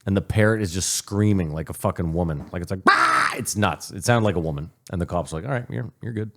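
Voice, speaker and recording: A man's voice: low-pitched, fast, darkish tone. A man co-hosting a podcast, laid back, telling an anecdote and acting out the quotes. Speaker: podcast co-host. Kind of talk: casual storytelling.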